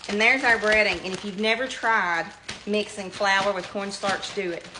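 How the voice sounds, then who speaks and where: Her medium-pitched voice stays steady at a moderate pace as this middle-aged Southern home cook chats casually through a kitchen demo. Friendly and down-to-earth, she speaks to viewers as y'all, while frying oil sizzles amid the background noise.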